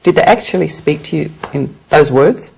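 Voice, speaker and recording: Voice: mid-range voice, animated, moderate pace, gravelly, a little mellow, husky, low-quality recording. An interviewer who asks brief prompts and follow-up questions in a conversational interview.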